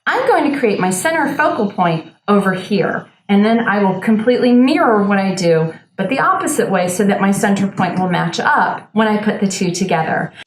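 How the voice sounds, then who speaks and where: A woman's voice: mid-range voice, expressive, normal speed, hardly any pauses, reverberant, slight background noise. A woman hosting a lifestyle show, giving an upbeat, casual how-to demonstration while she works with her hands. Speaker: show host demonstrating a planter DIY.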